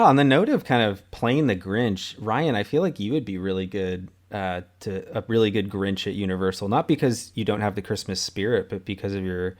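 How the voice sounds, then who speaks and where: A man co-hosting a casual podcast chat, talking in a friendly, measured way. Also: fairly low pitch. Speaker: podcast co-host.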